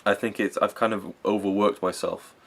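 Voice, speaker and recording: A man's voice: on the low side, flat delivery, normal speed, vocal fry. A young man giving a rambling, enthusiastic spoken film review, full of fillers and self-corrections.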